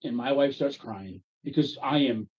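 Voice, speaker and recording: A man with a husky, slightly breathy voice tells a long, profane story among friends, bursting out loud as he acts out his own angry lines. The recording is dull and lo-fi. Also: medium pitch, normal speed. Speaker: player telling a story. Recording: dull lo-fi audio.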